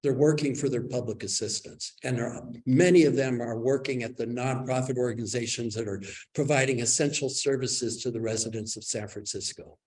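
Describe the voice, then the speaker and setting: A man giving public comment at a city commission meeting, pressing earnestly for higher wages. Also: fairly even intonation, a little fast, hardly any pauses, darkish tone, low-quality recording. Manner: earnest advocacy, pressing for wage increases. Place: government meeting room.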